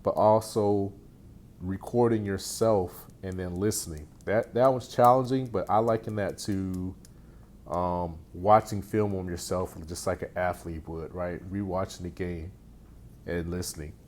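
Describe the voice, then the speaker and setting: A man's voice: sits low, fairly even intonation, measured pace, darkish tone. A man speaking casually as a real estate coach, sharing sales advice in a loose, conversational way with frequent restarts. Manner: conversational, repeats phrases and restarts often. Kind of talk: casual teaching talk.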